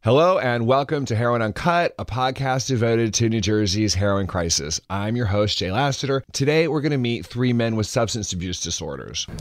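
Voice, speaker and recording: A man hosting a podcast, reading scripted narration in a measured, deliberate way. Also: mid-range voice, lively intonation, no echo, studio quality. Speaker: podcast host.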